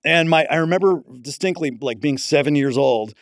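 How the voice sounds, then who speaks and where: Man, comedian guest, from Pittsburgh, fairly high voice, storytelling, dry close mic. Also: fairly quick, no echo. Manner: storytelling, acts out quoted people. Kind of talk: casual podcast chat.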